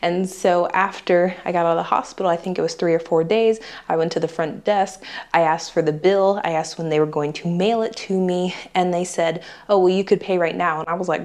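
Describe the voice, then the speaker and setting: A woman from the United States talks casually to her viewers. She is chatty and animated, and she acts out the voices of the people in her story as she tells it. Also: fairly low pitch, fairly quick. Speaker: vlogger.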